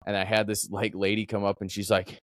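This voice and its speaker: A man from Minnesota, a podcast host, telling a story in casual chat with animated swearing. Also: on the low side, fairly quick, no room sound, clean studio sound.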